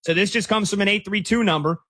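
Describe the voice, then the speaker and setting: A man hosting a sports talk show, excitedly reacting to a live game and reading listener texts. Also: sits high. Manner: excitable, rapid, breaks into shouts. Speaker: sports radio host.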